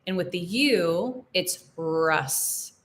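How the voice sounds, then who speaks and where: A young American woman teaching English in a live Q&A, explaining phrases slowly and repeating examples. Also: fairly low pitch, lively intonation. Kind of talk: live-stream Q&A lesson.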